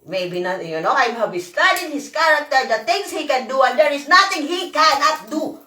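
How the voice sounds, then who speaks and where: Woman vlogger, high voice, hoarse, swearing and rambling, echoey room. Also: expressive, moderate pace, bright, forceful tone, distant mic. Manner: profane, rambling, emphatic. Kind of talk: emotional rant to camera.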